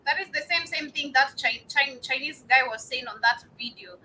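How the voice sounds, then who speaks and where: A woman co-host speaks haltingly and repeats words as she looks for the next one. Her voice is high and bright. Faint noise sits behind her. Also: rough recording. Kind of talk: casual chat.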